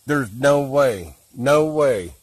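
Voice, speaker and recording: A man of ordinary pitch walks a listener through an incident in blunt, plainspoken words. His voice is recorded close and dry, with no room around it. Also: lively intonation, very slow, no room sound. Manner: plainspoken, rough-edged, gestures while explaining. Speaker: guest recounting an encounter. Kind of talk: casual explanation to camera.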